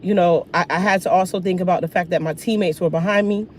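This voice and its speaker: A woman's voice: on the low side, steady tone, quick pace, slight background noise, voice pushed down, close to an everyday voice. A woman imitating a polished male basketball star explaining a play in a careful, formal way. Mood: measured.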